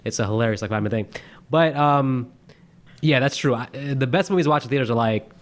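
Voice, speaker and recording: A man co-hosting a casual movie review chat, animated and quick to laugh, acting out quotes in exaggerated voices. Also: medium pitch. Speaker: podcast co-host.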